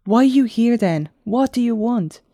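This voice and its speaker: A woman reading a wary, shouting young man. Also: on the low side, little pitch movement, normal speed, no echo, studio quality, lightly acted. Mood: angry, distrustful. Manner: loud, demanding questions. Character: wary, distrustful young man, hot-tempered.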